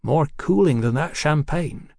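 A man's voice: a little high, animated, unhurried, creaky, a little mellow, no room sound, pitched above the performer's own voice, full character voice. A man voicing a drunk, bawdy young working woman who talks in a brash, slurring way, with a dry close sound. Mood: chatty.

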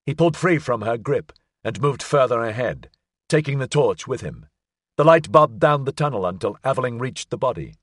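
A man narrating an audiobook thriller in an expressive, suspenseful reading. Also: medium pitch, moderate pace, dry recording, clean studio sound. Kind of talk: scripted narration.

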